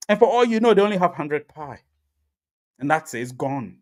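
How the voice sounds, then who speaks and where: An emphatic man hosting a live crypto stream, with a voice pitched a little above the usual male range. He lectures his chat in a preachy way, hammers on repeated phrases and laughs now and then. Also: expressive, fairly quick. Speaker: crypto livestream host.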